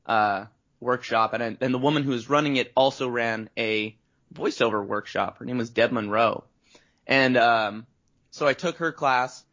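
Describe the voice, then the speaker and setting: A man's voice: medium pitch, a bit bright. A Canadian man in his thirties, a voice actor guest, telling rambling stories in a casual interview and acting out the lines he quotes. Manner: rambling storyteller, acts out quotes. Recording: dull lo-fi audio.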